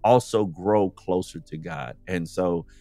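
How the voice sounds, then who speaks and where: A man's voice: deep voice, unhurried, warm tone, no echo. A man from the United States, a podcast guest, speaking in a casual, earnest conversational way and often saying "you know".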